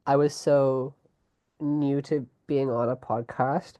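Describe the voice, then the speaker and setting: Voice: medium pitch, fairly even intonation, takes it slowly, warm tone. A musician guest in a casual podcast chat, swearing, laughing and restarting sentences.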